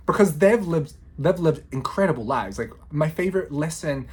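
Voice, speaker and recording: A man's voice: a little high, animated, moderate pace, darkish tone, breathy edge. A man in his thirties, a law student, chatting casually to camera in a playful, slangy way, often breaking into laughter. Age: 30s.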